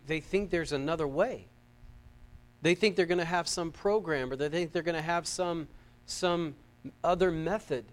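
A man from the United States preaching a sermon, fervent and emphatic, swinging between loud peaks and quiet asides and repeating his phrases. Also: on the high side. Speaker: pastor.

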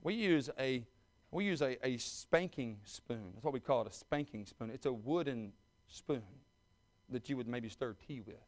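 A man, preaching a sermon with folksy humor that builds to loud, fervent exhortation. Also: medium pitch, animated, normal speed. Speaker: pastor.

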